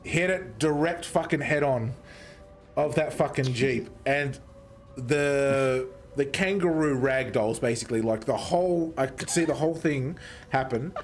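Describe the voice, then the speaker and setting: A young man, telling a story in a casual, animated way and swearing heavily as he goes. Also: mid-range voice, unhurried, faint music behind. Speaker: streamer.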